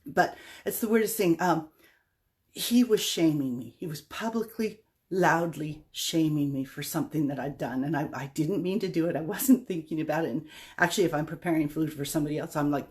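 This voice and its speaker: In a casual storytelling vlog, a middle-aged woman rambles chattily through something that happened to her, poking fun at herself. She speaks with a low-pitched, darkish voice.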